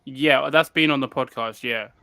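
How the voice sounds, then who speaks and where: A man's voice: medium pitch, normal speed, gravelly, pushed and bright. A man guesting on a casual live stream, teasing the host and arguing his point. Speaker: guest reptile keeper.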